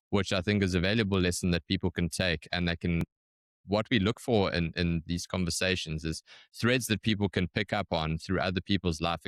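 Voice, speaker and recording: Male podcast host with a very deep, smooth voice; thoughtful, measured replies. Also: fairly bright tone, dry recording, clean studio sound. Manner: thoughtful, measured, some restarts. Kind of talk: reflective interview talk.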